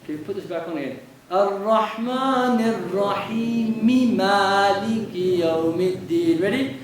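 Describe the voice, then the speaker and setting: A man teaching a prayer class, patiently drilling his students and chanting the recitations for them to repeat. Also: fairly quick. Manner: patient call-and-response drilling. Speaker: Islamic teacher. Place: large mosque hall. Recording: boomy mosque hall, from far off, crowd noise.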